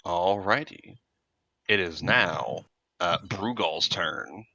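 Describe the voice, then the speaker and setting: A man running a tabletop game as game master, narrating in a measured way with many fillers. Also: low-pitched, lively intonation, creaky, bright, forceful tone, no room sound, dull audio.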